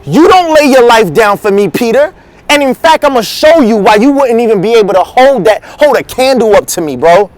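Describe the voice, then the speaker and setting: A man's voice: very high voice, lively intonation, brisk, dry recording. A pastor voicing an earnest male teacher who speaks to a friend in slangy, emphatic words.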